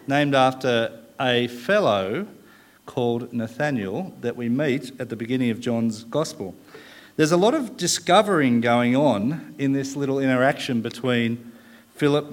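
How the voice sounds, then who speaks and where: A man preaching a sermon, thoughtful, pausing often with "uh" and leaning hard on key words. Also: mid-range voice. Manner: thoughtful, frequent "uh" pauses, leans on key words.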